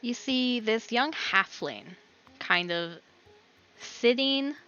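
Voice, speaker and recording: A woman narrating as game master in a tabletop role-playing game, relaxed, with fillers. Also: a little high, takes it slowly, dull audio.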